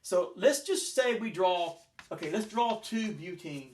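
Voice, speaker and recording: A man with a somewhat high voice gives a chemistry lesson at the chalkboard. He rambles and corrects himself as he goes, talking through his drawings and models in a loose, unscripted way. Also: lively intonation, measured pace, slight background noise. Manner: rambling, self-correcting, talks while building models. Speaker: chemistry teacher. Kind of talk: classroom lecture with chalkboard and models.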